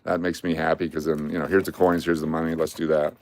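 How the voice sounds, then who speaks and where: A man's voice: rumbling low, flat delivery, fast talker, a little mellow, slight background noise. A man hosting a casual livestream, chatting in a rambling way and reading out viewer names and requests. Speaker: livestream host.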